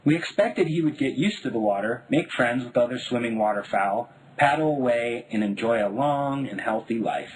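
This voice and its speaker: A man from Denver narrating his own memoir in a wry, deadpan voice. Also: mid-range voice, moderate pace, few pauses, slight background noise, poor audio. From Denver, United States. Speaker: memoir author.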